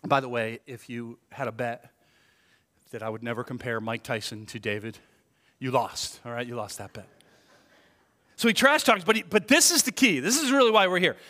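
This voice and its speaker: A male pastor preaching a lively sermon, joking and acting out quoted voices. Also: mid-range voice, normal speed, big-room sound.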